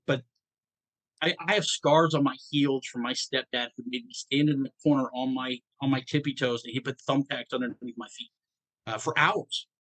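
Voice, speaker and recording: A middle-aged man from Georgia, a podcast host telling a personal story in a halting, emotional way with many restarts. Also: medium pitch, a bit bright, no room sound.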